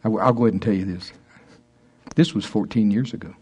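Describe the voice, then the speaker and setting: A man's voice: lowish voice, darkish tone, breathy edge. A man in his sixties, a minister teaching a small group in an informal talk, often stopping and restarting his sentences. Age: 60s. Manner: halting, stops and restarts often, chuckles between thoughts.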